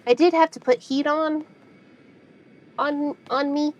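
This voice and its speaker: A woman's voice: sits high, fairly even intonation, takes it slowly, lo-fi sound. A young woman streaming a game, chatting casually with viewers, full of fillers and easy laughter. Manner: chatty and warm with chat, frequent fillers and laughs. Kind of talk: casual gaming stream chat.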